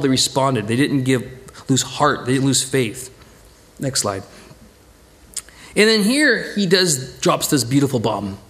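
A man teaching a Bible study from slides, retelling a parable and acting out its characters in quoted voices. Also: fairly high pitch.

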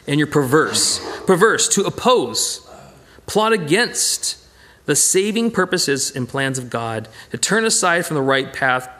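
Animated man teaching a Bible study. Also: high-pitched. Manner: conversational, thinking aloud with frequent restarts; animated and emphatic. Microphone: presentation with slides.

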